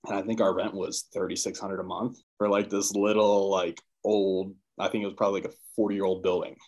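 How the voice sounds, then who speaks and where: A low, slightly mellow male voice, level in tone and brisk, belongs to a former college football player on a podcast. He casually relates a personal story and voices his parents' parts.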